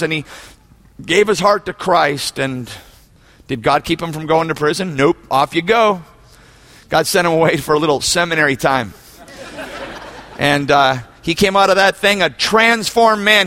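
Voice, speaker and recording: Guy pastor preaching in church, high bright voice, big shouty moments then goes quiet. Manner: animated storytelling with shouted peaks and soft hushed asides. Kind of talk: sermon.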